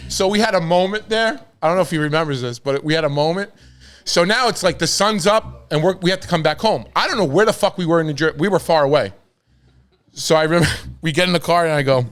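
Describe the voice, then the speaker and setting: A man telling wild stories on a podcast in a loose, profane, animated way. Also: sits high, moderate pace. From New York. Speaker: podcast host. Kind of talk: casual storytelling.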